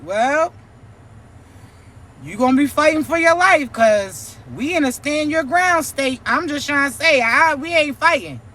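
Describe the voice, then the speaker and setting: A woman's voice: fairly high pitch, sharp tone. A woman giving a profane, preachy, mocking vlog rant as a spiritual content creator.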